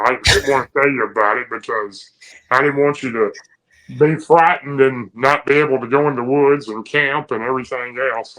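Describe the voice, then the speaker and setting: A man's voice: mid-range voice, sharp tone, poor audio. A man from Tennessee, telling a story casually in a rambling, vivid way with rural turns of phrase. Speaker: podcast guest telling an encounter story.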